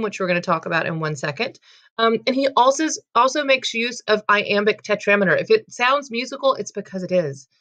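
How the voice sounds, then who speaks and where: A woman's voice: medium pitch, a bit bright. A woman teaching a casual poetry lesson, talking in a chatty, filler-heavy way and correcting herself as she goes.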